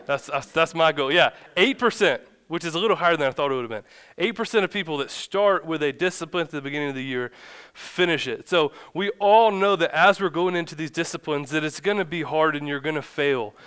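Smooth-voiced pastor telling a funny story. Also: male voice, a little high, a little fast. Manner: chatty, self-deprecating, animated when acting out the story. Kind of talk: conversational sermon with humorous storytelling. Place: church sanctuary.

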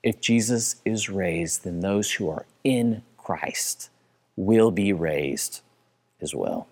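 A man preaching a sermon in a church, building to excited passages and then dropping low and quiet. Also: slow pace. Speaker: pastor.

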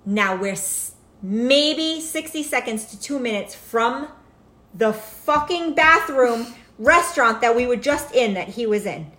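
A middle-aged woman telling a casual anecdote, animated and laughing often, swearing freely. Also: fairly high pitch, measured pace, roomy sound. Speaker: storyteller.

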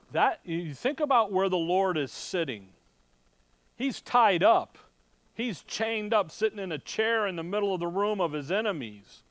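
Chatty preacher with a slightly high voice. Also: male voice, animated, unhurried, a bit bright, no echo. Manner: chatty, asks rhetorical questions, wry asides. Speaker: Bible teacher. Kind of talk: conversational sermon. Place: room with a live audience.

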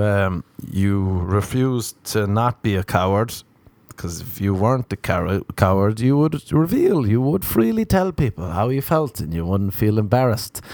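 A man's voice: fairly low pitch, dark tone, dry recording. Rambling sarcastic Irish man. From Ireland. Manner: rambling, sarcastic and self-mocking. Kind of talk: comedic monologue.

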